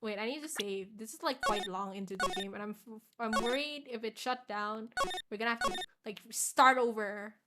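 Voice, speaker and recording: A woman streamer making a quick, offhand aside while playing a game. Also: a little high, very noisy. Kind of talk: casual aside while gaming. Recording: loud game music behind.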